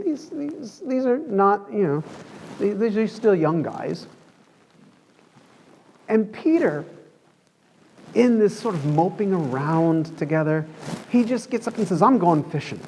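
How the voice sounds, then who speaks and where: A man's voice: fairly high pitch, warm tone. A man preaching a conversational sermon in a church, telling the story in a chatty way and acting out the quoted lines.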